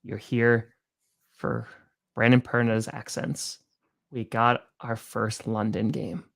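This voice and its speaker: A man's voice: medium pitch, level tone, slow, vocal fry, fairly bright tone. A young man co-hosting a casual sports podcast, teasing and laughing often. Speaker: podcast co-host.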